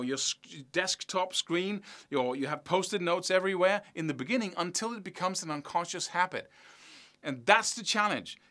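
Lively, high-voiced man teaching guitar. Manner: animated, chants rhythms aloud; chatty, self-mocking. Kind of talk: spoken video lesson.

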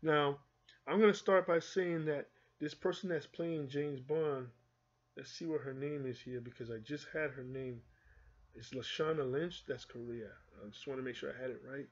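A man's voice: medium pitch, fairly even intonation, normal speed, lo-fi sound. A man from the United Kingdom who speaks with a mixed Jamaican and American accent, giving casual rambling commentary and reading an article aloud to his viewers. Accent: Jamaican-American mix. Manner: rambling, conversational, restarts often. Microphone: phone or computer mic.

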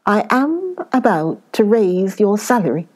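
A woman voicing a gruff old male miser who has turned kindly, lowering her voice in the classic story. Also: very animated, a little slow, darkish tone. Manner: low, growling emphasis.

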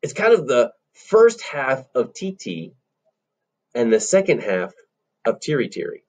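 A man teaches a children's rhythm lesson, chanting syllables and walking through the beats in an upbeat way. His voice is a little husky, and his pitch swings widely as he counts and claps along. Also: wildly swooping pitch, measured pace, a little mellow. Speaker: music teacher.

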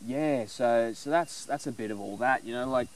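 A man casually explaining animal calls in a rambling, relaxed way with lots of fillers. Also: mid-range voice, normal speed. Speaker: bushcraft vlogger.

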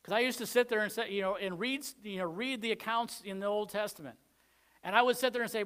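A man's voice: high voice, quick pace, fairly bright tone, smooth. A man with a Southern American accent preaching a sermon in a conversational way, acting out the quoted lines. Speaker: pastor.

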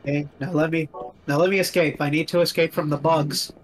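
A man with a fairly high voice trades playful one-liners with the streamer, loose and jokey. A light hiss of noise runs under his voice. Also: steady tone, fairly quick. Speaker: co-host. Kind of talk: casual banter.

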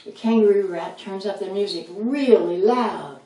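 A woman reading a children's storybook aloud in a calm narrating voice. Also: medium pitch, normal speed. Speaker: storybook reader. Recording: roomy sound, mic at a distance.

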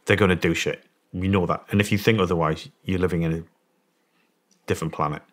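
On a podcast, a former soldier, a middle-aged man from England, tells an animated story as a guest and imitates the voices of its characters. His voice is low-pitched and fairly quick, with a British English accent.

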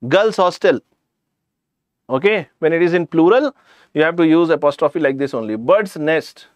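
A man's voice: a little high, animated, normal speed, no echo. A man with an Indian English accent teaching a live online grammar class, chatty, addressing students directly and slipping in jokes.

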